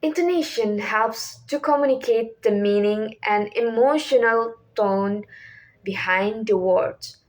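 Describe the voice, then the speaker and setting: A woman's voice: fairly high pitch, slow pace. A young woman whose first language is Indonesian, reading a class presentation from a script as questions and answers, with small restarts. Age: young adult. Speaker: student presenter.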